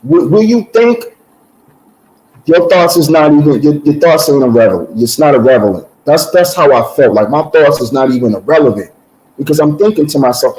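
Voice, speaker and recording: A man's voice: fairly high pitch, animated, fairly quick, darkish tone, poor audio. A man giving a personal testimony in casual conversation, telling his story with repeated words and acted-out voices.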